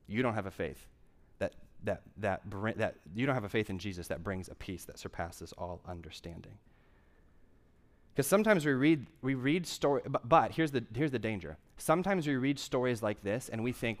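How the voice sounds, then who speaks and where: A man's voice: fairly low pitch, lively intonation, brisk. Conversational young man preaching. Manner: conversational preaching with emphatic repetition. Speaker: pastor. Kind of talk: sermon.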